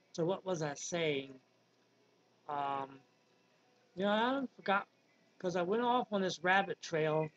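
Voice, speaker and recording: Man in his fifties, Virginia drawl, high-pitched, rambling vlog talk on a dull lo-fi recording. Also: slight background noise. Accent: Southern American (Virginia). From Virginia, USA. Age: 50s. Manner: rambling, digressive, with many ums. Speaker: vlogger. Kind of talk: casual monologue.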